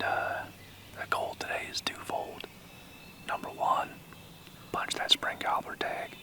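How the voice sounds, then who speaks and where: A man whispering outdoors in the woods, hosting a hunting vlog on a camera mic, with birds heard around him. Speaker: hunting video host.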